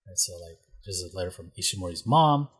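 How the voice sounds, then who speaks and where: Low, husky male host; laid-back, swears freely, easygoing chat. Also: lively intonation, fairly quick, fairly bright tone. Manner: laid-back, slangy, recapping a show. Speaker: podcast host. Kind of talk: casual chat.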